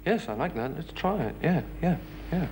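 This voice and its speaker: A man leading a jazz band rehearsal, giving casual, halting instructions. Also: fairly high pitch, animated, noisy background.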